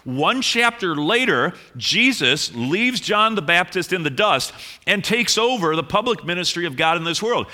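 A male pastor delivering a conversational sermon with a strikingly bright, sharp voice pitched a little high. He teases the congregation playfully and tends to repeat words as he thinks aloud. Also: animated, normal speed.

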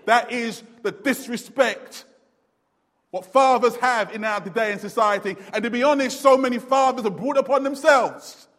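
High-pitched guy preaching in a big echoey church, goes loud then drops way down. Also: normal speed. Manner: swings from loud emphatic peaks to low murmurs. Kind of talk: sermon. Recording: long hall reverb.

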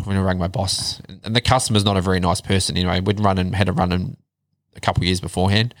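A man telling his life story in a casual chat, blunt and animated, swearing heavily. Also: sits low, very fast, dry recording. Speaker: podcast guest.

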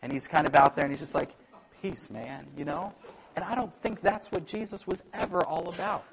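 Gravelly-voiced male preacher. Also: high voice, fairly quick, rough recording. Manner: animated, acts out quoted voices, self-deprecating humor. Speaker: pastor. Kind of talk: sermon.

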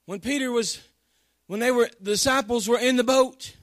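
Fervent high-voiced male preacher. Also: normal speed, no echo, clean studio sound. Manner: fervent, Southern-tinged folksy preaching with call-outs to the congregation. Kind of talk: sermon.

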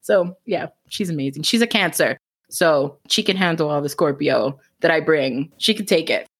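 A woman with a Miami accent talks quickly and animatedly as an author guest in a casual interview. Her voice sits a little low, and she laughs easily between thoughts. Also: breathy edge. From Miami, Florida. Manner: fast-talking, animated, laughs often.

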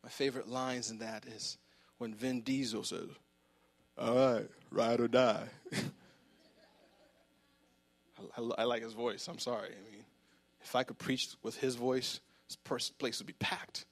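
A man's voice: medium pitch, fairly even intonation, moderate pace, a bit bright. A man preaching a sermon in a church, fervent and emphatic, repeating words as he presses his point. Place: church sanctuary.

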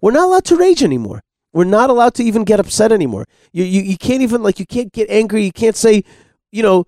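A man's voice: high-pitched, sing-song, fast talker, mellow, dry recording, clean studio sound. A middle-aged man hosting a radio discussion, impassioned and insistent, repeating words when worked up. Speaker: radio host.

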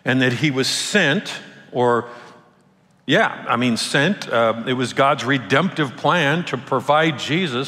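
Casual, joking pastor, mid-pitched man, long church reverb. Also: a little slow. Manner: casual, conversational, animated, playful asides. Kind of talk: sermon.

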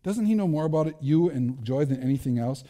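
Middle-aged male pastor, mellow voice, chatty self-deprecating sermon, echoey hall. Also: on the high side, lively intonation, fairly quick. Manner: conversational, self-deprecating, frequent restarts.

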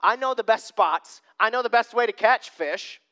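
Preacher playing a worn-out, whiny fisherman, higher and louder than the sermon voice, crisp and bright. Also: expressive, normal speed. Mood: weary protest. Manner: exasperated, whiny complaining. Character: tired, grumbling fisherman, adult man.

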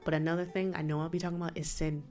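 A woman's voice: lowish voice, flat delivery, rapid-fire, a little mellow, faint music behind. Emphatic woman preaching on her podcast. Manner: emphatic, preachy, asks and answers her own questions. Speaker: podcast host. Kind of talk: solo faith podcast talk.

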